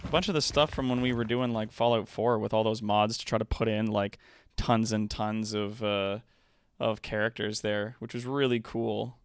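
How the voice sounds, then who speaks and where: A man's voice: lowish voice, flat delivery, moderate pace, clean tone, no room sound. A man chatting casually to his viewers as host of a live stream, upbeat and rambling with plenty of fillers, on a close desk microphone.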